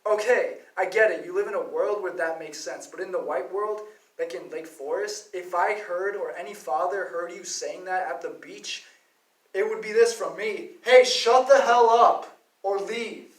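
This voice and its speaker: A man's voice: high voice, normal speed. Man ranting in a roomy space. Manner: profane, rambling, heated. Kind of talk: ranting monologue. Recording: roomy, distant from the mic.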